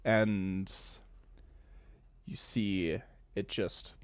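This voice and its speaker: Young guy game master, kinda low voice, rambly, dry close sound. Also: fairly even intonation, very slow, smooth, dry recording. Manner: loose, rambling with fillers. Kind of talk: narrating a tabletop game.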